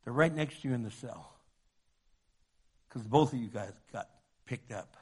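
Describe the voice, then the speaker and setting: A male pastor preaching a sermon, moving between loud emphatic passages and hushed ones. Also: mid-range voice, a little slow, slightly rough.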